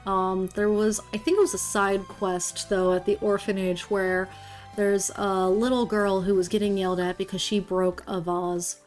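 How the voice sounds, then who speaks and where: A woman streamer talks through a video game in a loose, chatty way, filling pauses with "um" and "like" as she recaps the story. Her voice sits at an ordinary middle pitch. Soft music plays quietly underneath. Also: little pitch movement. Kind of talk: casual let's-play commentary.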